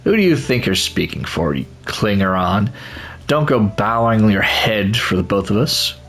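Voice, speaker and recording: A man's voice: lowish voice, animated, moderate pace, fairly bright tone. A man growling as a rude, threatening creature tail. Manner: snarling and threatening.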